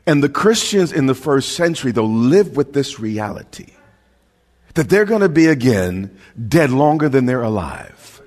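A male pastor preaching a sermon with passion, repeating words as he builds and sometimes shouting. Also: mid-range voice, very animated, a little slow. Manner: impassioned preaching with stammered restarts, rising to shouts. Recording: long hall reverb.

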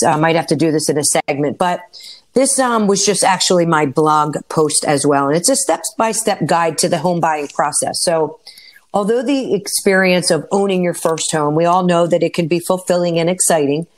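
A woman co-hosting a talk radio show and explaining mortgage rates and home buying clearly. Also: deep voice. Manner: informative, reads out rates and phone numbers. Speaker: mortgage lender and radio co-host.

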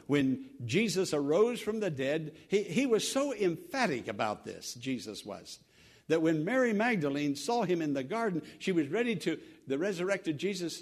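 This pastor's voice sits a little high as he preaches earnestly, swelling loud before dropping to a hush. He stops and restarts his phrases haltingly.

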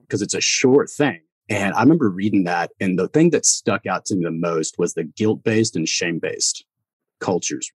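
A man, a former Army Green Beret, talking as a podcast guest in a lively storytelling way, acting out the voices of people he quotes. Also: deep voice, husky, no echo. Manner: animated storyteller who acts out quoted voices and laughs often. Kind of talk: casual storytelling conversation.

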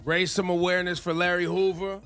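A man hosts a morning radio show in a bright, forward voice that sits slightly high. He banters casually and animatedly, and faint music plays under the talk. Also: brisk. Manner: animated, laughing, acts out quotes.

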